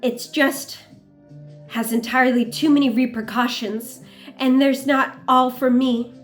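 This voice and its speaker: A woman voicing a grown man who dodges questions, speaking quietly and hesitantly. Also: high-pitched, steady tone, a little slow, soft background music. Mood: evasive. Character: adult man evading hard questions, subdued.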